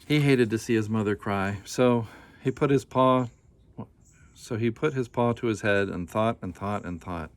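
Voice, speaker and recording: A man reading a children's picture book aloud in a gentle, unhurried way, with casual asides. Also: lowish voice.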